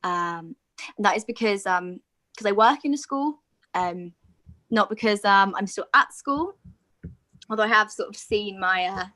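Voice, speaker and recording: A woman's voice: medium pitch, expressive, measured pace, pauses often, bright, forceful tone. A young woman from the UK doing chatty, self-deprecating stand-up over a video call. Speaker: stand-up comedian. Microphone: video call, close to screen.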